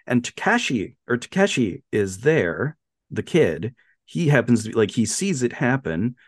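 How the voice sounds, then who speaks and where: Man, podcast co-host, casual film chat, lively swinging pitch, acts out quotes, dry close sound. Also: measured pace, husky, no echo. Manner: animated retelling, acts out quotes in a raised voice.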